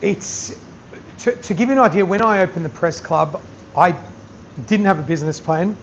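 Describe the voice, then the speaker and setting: A man's voice: sits high, expressive, normal speed. A man, a chef giving a masterclass, talking bluntly and animatedly to an audience and swearing freely. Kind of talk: candid talk to an audience. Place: event venue with audience. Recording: slightly dull sound with faint noise.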